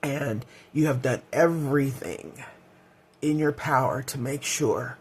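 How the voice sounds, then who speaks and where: A woman's voice: extremely low pitch, slow pace, slight background noise. A middle-aged woman vlogging in a candid, heartfelt way, rambling with fillers as she talks. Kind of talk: casual personal vlog.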